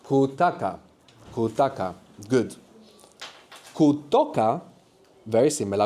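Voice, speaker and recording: A man's voice: mid-range voice, big pitch swings, takes it slowly, pauses often, dark tone. A man teaching a live beginners' language workshop, patiently explaining and prompting students to answer.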